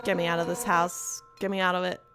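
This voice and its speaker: A woman's voice: lowish voice, level tone, fast, over music. A woman streamer giving casual gameplay commentary, with nervous, wry asides and swearing.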